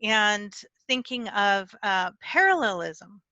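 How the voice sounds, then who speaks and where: Woman giving a writing talk, bright voice, dry close sound, corrects herself now and then. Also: mid-range voice, lively intonation, slow pace, no room sound, highs cut off. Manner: explanatory, with small slips and self-corrections; talks with her hands. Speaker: conference speaker teaching writing. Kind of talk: conference talk.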